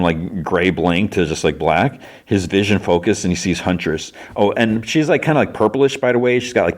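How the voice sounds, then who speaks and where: A low-voiced man chats through a cartoon's plot in a loose, rambling podcast recap. He fills every sentence with casual fillers and tosses off the characters' lines in quick asides. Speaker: podcast host.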